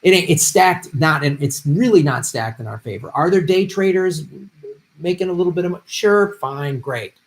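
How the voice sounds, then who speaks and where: A man's voice: on the high side, expressive, moderate pace. Profane, fired-up male political ranter. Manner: profane, fired-up ranting, swings from muttering to shouting. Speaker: political commentary host. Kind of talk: livestream rant reading viewer donations.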